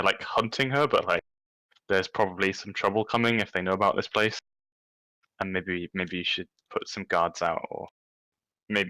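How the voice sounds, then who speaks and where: A man playing a tabletop game, deep-voiced and clear. He speaks in an earnest, deliberate way. The sound is dry. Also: sharp tone, no echo, rough recording. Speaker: player.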